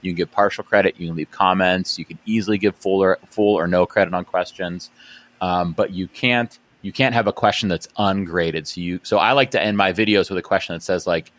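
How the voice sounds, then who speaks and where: A man's voice: deep voice, fairly even intonation, fairly quick, a bit bright, no room sound. A man hosting an education podcast interview, chatting casually with plenty of fillers and restarts. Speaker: podcast host.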